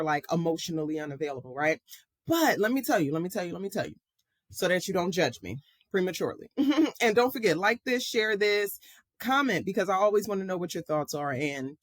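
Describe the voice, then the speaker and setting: Host: chatty middle-aged woman, emphatic storyteller, dry close sound, mid pitch. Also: no room sound. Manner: chatty, emphatic, repeats phrases for effect. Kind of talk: casual storytelling monologue.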